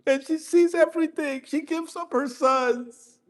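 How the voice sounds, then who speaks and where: A man's voice: very high-pitched, unhurried. Sobbing man preaching a mourning sermon. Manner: impassioned, breaking into sobs, voice rising to cries. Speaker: sheikh giving a mourning sermon. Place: mosque hall.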